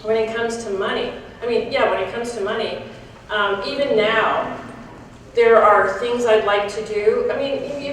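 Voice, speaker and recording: A woman's voice: mid-range voice, a little hiss or hum. Woman speaking in an echoey hall. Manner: frank and reflective, with small laughs and restarts. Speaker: conference speaker. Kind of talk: candid talk to an audience. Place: large conference hall. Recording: echoey hall, picked up from a distance.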